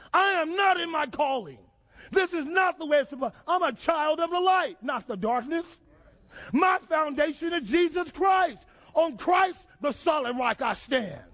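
A man with a strikingly high voice delivers a fervent sermon. He builds rhythmic repetitions and questions to the congregation, climbing into shouted emphasis. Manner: call-and-response preaching, rising to shouts. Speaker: preacher.

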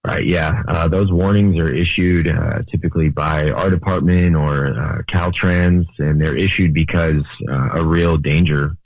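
A man, a highway patrol officer, answering questions as a radio interview guest, with many ums and uhs. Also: steady tone, unhurried, hardly any pauses, no echo. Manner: hesitant, many fillers. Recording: tinny phone line.

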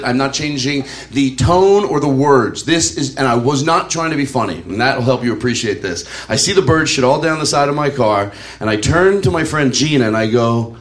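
A man's voice: on the high side, a bit bright. A middle-aged man doing a rambling stand-up comedy routine, chuckling through his own stories with lots of fillers. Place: comedy club stage. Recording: live club recording with room noise.

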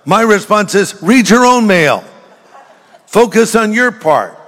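Recorded in a church with long, large-hall reverb, an older male pastor tells jokes and stories while speaking directly to his congregation. He sounds animated and a bit bright, with a high voice and a slow pace.

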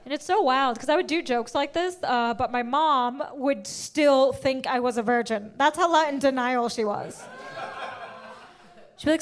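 A young woman performing a stand-up set, telling stories in an animated way with sudden shouted outbursts. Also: sits high, a little slow. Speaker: stand-up comedian.

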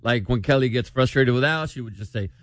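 A man's voice: mid-range voice, brisk, dry recording. A man with an American accent hosting a casual group chat and running a little quiz game in an easygoing way.

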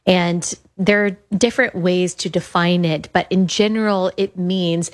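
A woman's voice: fairly low pitch, steady tone, unhurried. A woman in her thirties hosting a podcast, talking earnestly and enthusiastically, repeating words for emphasis. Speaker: podcast host. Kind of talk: casual monologue about her app.

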